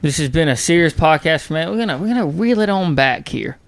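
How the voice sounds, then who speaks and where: A man's voice: a little high, expressive, quick pace, gravelly. A man, co-hosting a podcast and throwing in crude teasing jabs. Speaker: podcast co-host. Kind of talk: casual podcast chat.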